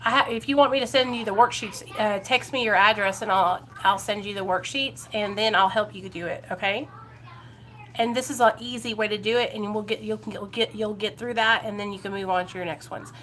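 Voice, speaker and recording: A woman's voice: medium pitch, fairly even intonation, a little fast, fairly bright tone, a little hiss or hum. A woman from Ohio talking on a live recovery vlog, earnest and encouraging, speaking straight to her viewers and greeting them by name. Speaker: recovery vlogger. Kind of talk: casual live-stream chat.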